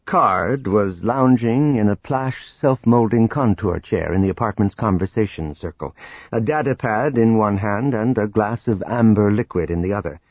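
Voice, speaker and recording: A man narrating an audiobook in an expressive way, voicing every character himself. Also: fairly low pitch, moderate pace, no echo, dull audio. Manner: expressive, performs all the characters. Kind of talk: scripted narration.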